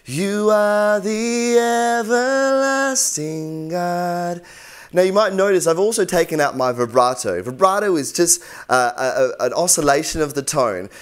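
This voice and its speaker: A man's voice: a little high, animated, brisk, few pauses. A young man teaching singing in an easygoing, encouraging way. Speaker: vocal coach. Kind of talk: instructional tutorial.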